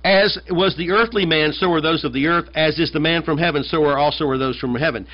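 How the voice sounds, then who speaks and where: A man's voice: fairly high pitch, a little fast. A man from the United States, a pastor, preaching a conversational and emphatic sermon, often repeating his phrases. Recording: dull lo-fi sermon recording.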